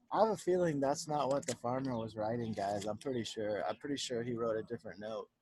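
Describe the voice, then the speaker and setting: A male teacher reading a picture book aloud to children on a home video, chatty and animated, often stopping to talk to the kids about the pictures. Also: mid-range voice, fairly quick, breathy edge. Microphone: home video recording.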